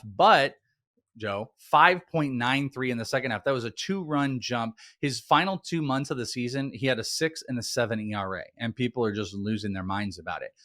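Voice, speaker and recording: A man co-hosting a fantasy baseball chat, reeling off stats in a quick, animated way. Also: mid-range voice, no room sound, clean studio sound. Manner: stat-heavy, quick and animated. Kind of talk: casual analytical chat.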